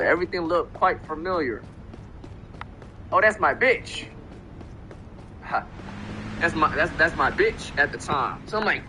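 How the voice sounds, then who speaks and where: A young man from Florida telling a long story on a casual stream, with lots of swearing and loud re-enacted quotes. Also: high voice, slight background noise, poor audio. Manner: profane, animated, repeats himself, acts out quotes.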